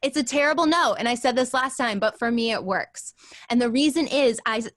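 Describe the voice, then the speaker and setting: A woman teaching an acting class in a chatty, animated way, acting out lines as she explains. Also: a little high, a little fast. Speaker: acting coach.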